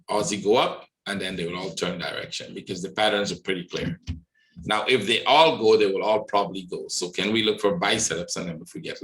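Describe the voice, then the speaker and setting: A man hosting a trading webinar, walking through charts live and thinking aloud, often checking in with a quick "right?". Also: low-pitched, a bit bright, reverberant, rough recording. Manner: thinks aloud, many "right?" tag questions. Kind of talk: live market analysis walkthrough.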